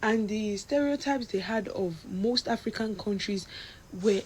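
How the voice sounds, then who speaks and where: A woman's voice: mid-range voice, measured pace, a little mellow, slight background noise, poor audio. A woman from Nigeria who moved abroad, earnestly explaining her view in a reflective commentary.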